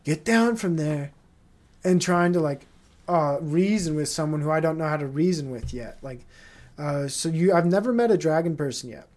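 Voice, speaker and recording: Rambling, swearing man, slightly high voice. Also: normal speed, darkish tone. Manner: rambling and profane, full of fillers and tangents. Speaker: podcast host. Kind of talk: casual solo podcast monologue.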